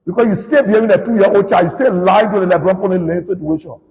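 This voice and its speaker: A man with a Liberian English accent, a politician giving a combative, accusing rant that swings between shouting and muttering. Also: high voice, quick pace, big-room sound, rough recording.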